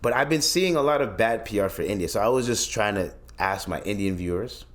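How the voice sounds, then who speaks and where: A man's voice: on the low side, animated, brisk. A young man from Canada hosting his own podcast, ranting bluntly and profanely in casual solo commentary, often restarting his sentences. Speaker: podcast host.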